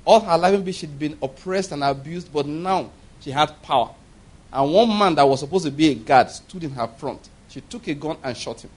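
A man preaching a sermon, from Nigeria, moving between quiet storytelling and loud exhortation and asking the congregation rhetorical questions. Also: moderate pace. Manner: swings between low murmurs and loud exhortation.

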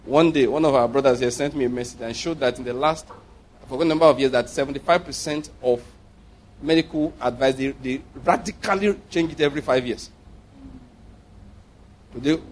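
A man's voice: mid-range voice, lively intonation, a little fast, a little hiss or hum. A man preaching a sermon to a congregation, jokey and digressive, often repeating himself as he explains. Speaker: pastor.

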